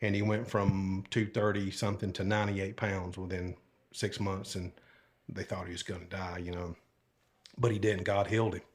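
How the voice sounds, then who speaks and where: An older man from Alabama, a retired sheriff's deputy, appears as a podcast guest in a casual storytelling interview. His deep voice is level and moderately paced as he tells stories from his life in a folksy, rambling way full of fillers and asides.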